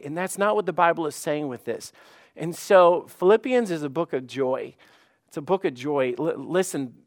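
A man preaching a sermon as pastor in a conversational way, often repeating words and acting out quoted voices. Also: fairly high pitch.

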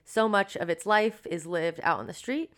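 A young woman co-hosting a podcast, relaxed as she reads passages aloud and chats. Her voice is smooth and clear and sits a little low. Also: normal speed. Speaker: podcast co-host. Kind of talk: casual chat and reading aloud.

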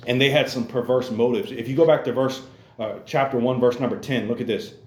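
A man's voice: medium pitch, steady tone, fairly quick. A man preaching a sermon to young people in a church, earnest and repetitive, calling out to his listeners again and again. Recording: roomy echo.

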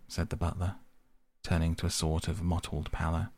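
A man narrating a classic novel as an audiobook in a steady, even storytelling manner. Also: low voice, normal speed.

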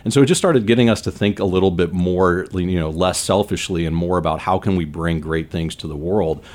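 A man's voice: low voice, brisk, darkish tone. A man in his forties, a business leader from San Diego, telling stories in an earnest, rambling way with lots of fillers. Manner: earnest, rambling with many "you know" fillers. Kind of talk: conversational interview storytelling.

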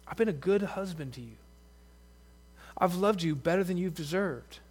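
A man's voice: sits high, lively intonation, moderate pace, a little mellow, breathy edge. A man voicing God as a wronged, fed-up husband, with emphatic, aggrieved grievances in a sermon illustration.

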